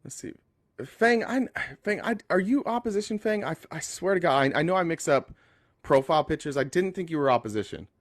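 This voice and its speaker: A man's voice: on the high side, lively intonation, fairly quick, dry recording, clean studio sound. A man hosting a casual live stream, blunt and talking straight to his callers. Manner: blunt, talks to callers directly. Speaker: livestream host.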